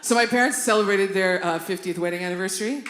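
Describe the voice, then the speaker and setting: Animated woman doing stand-up in a roomy club. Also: mid-range voice, fast talker, over a noisy crowd. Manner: animated, loud outbursts, constant "right?" and "you know what I mean?". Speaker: stand-up comedian. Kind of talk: stand-up routine. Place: comedy club stage. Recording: roomy live club recording with noise.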